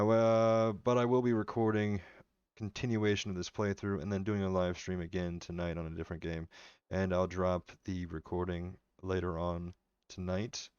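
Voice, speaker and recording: A man's voice: sits low, a little mellow, clean tone, no room sound, muffled recording. A man streaming a strategy game live, chatting casually and rambling with his viewers as he plays. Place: home room.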